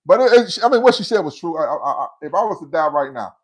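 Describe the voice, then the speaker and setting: A man's voice: fairly high pitch, fast talker, slightly rough. A man in his fifties hosting a livestream, telling a story casually and acting out the voices of the people in it. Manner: animated storyteller who acts out quotes. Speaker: livestream host.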